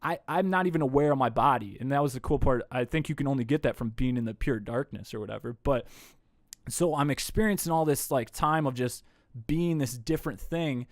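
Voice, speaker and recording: A man, a podcast guest, telling a story in a casual, animated way, swearing freely. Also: medium pitch, brisk, no echo, studio quality. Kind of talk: casual conversation. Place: indoor room.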